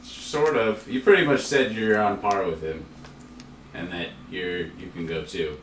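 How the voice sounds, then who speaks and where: A man's voice: sits low, fairly even intonation, measured pace, fairly bright tone. A man acting as game master in a casual, joking tabletop game chat. He laughs often. He is recorded at a distance in an echoey, noisy room.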